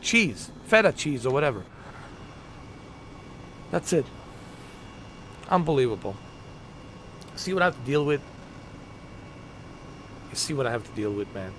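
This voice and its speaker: A man's voice: mid-range voice, very animated, measured pace, long pauses, slight background noise. A man livestreaming a flight game, rambling in an exasperated, joking way and muttering asides under his breath. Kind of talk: casual gaming commentary.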